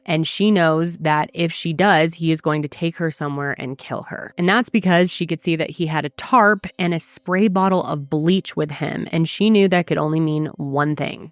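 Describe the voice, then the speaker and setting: A woman hosting a true crime show, narrating the case in an earnest, emphatic way with dramatic pauses. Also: low voice, clean tone, no room sound, clean studio sound.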